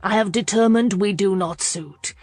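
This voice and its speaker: A woman reader voicing a guilt-ridden young aristocratic gentleman, speaking softly and with restraint. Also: normal speed, dry recording, faint music behind, natural voice. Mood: restrained. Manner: low, soft, restrained delivery.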